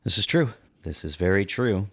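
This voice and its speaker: A man's voice: deep voice, expressive, moderate pace, a bit bright, slightly rough, dry recording, clean studio sound. A man co-hosting a film-history podcast, chatty and musing, with plenty of casual filler. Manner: chatty, musing, lots of "like" and "you know". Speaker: podcast co-host.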